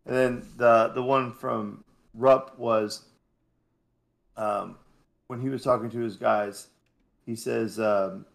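A man co-hosting a casual podcast, a youth basketball coach who gets animated when making his points. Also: medium pitch, slow, creaky, long pauses. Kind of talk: casual chat.

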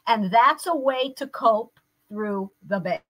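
An older woman with a slightly higher voice speaks as an interview guest. She tells her personal story in an earnest, reflective way, like a therapist sharing her own experience. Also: animated, takes it slowly, rough recording.

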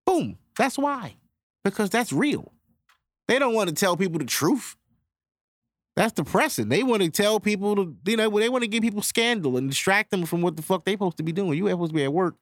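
A man's voice: sits high, animated, a little fast, no room sound, clean studio sound. A man hosting his own podcast, ranting casually and profanely straight to his listeners. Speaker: podcast host. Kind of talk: casual solo podcast rant.

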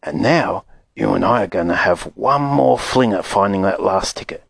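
A man voicing an excitable old grandfather who whispers secretively and splutters with excitement. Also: lowish voice, normal speed, creaky, husky, no room sound, full character voice. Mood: conspiratorial.

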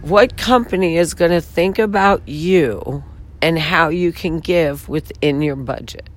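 Hoarse, raspy woman making a slow plea. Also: sits low. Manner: pleading, heartfelt, frustrated. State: hoarse from talking all weekend. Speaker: founder pitching her water advertising venture. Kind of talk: earnest direct-to-camera pitch.

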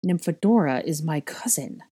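A woman voicing a cold, even-toned young male wizard in a storybook reading, sneering and cutting. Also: sits low, moderate pace, breathy edge.

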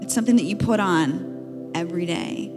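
A woman in her thirties teaches from a conference stage in a casual, chatty way, full of little fillers. Her voice rings with long reverb in a big hall while music plays clearly beneath her. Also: lowish voice, moderate pace. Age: 30s. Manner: chatty and playful, with lots of "like" and laughter. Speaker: podcast co-host speaking at a marriage conference. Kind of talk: conference talk, teaching from scripture. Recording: live hall recording with reverb and music under it.

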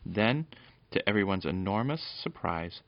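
Deep, gravelly man reading a storybook. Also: big pitch swings, a little slow, dry recording, highs cut off. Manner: unpolished, with frequent stumbles and self-corrections. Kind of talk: reading a children's storybook aloud.

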